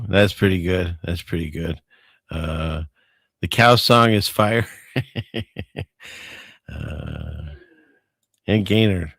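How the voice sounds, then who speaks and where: A man's voice: fairly low pitch, fairly bright tone, dry recording, clean studio sound. A man hosting a show in casual livestream chat, rambling and chuckling as he talks to his wife off-mic. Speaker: host.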